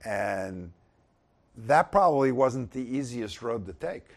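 A man teaching from the Bible in a relaxed, conversational way, at a mid-range pitch. He stays easygoing between the verses and grows emphatic whenever he reads Scripture aloud. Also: slow pace.

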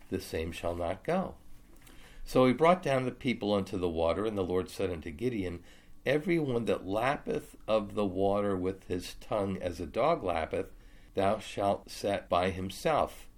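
Guy with a lowish voice reading bible verses then explaining them casual. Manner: reads scripture aloud then explains it casually. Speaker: Bible teacher. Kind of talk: Bible study teaching.

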